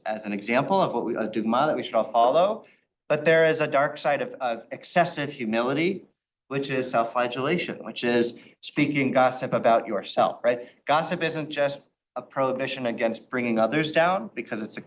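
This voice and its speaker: A man's voice: a little high, slight background noise. A rabbi teaching an informal Torah study class, talking in a conversational way and acting out the quotes in the stories he tells. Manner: conversational, with frequent restarts and acted-out quotes.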